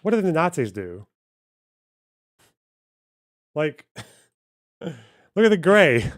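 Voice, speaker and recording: A man's voice: a little high, sing-song, drawn-out words, no room sound, clean studio sound. A young man from Scotland with an Aberdeen accent, arguing a point on a livestream with rhetorical questions. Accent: Scottish, Aberdeen. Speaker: streamer host. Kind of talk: casual livestream talk.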